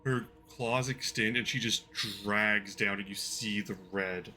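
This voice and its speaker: Low-voiced man running a tabletop game. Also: fairly even intonation, a little slow, sharp tone, slight background noise. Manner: casual, rambling narration with fillers. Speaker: game master. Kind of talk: narrating a romantic tabletop one-shot.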